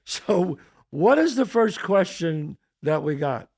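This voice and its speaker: An older man with a thick New York accent tells a story on his podcast, rambling and animated, cursing here and there. His voice is gravelly and sits a bit high for a man. The sound is dry and close. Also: takes it slowly, no echo. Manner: rambling, animated, swears freely. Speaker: podcast host. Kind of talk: casual storytelling.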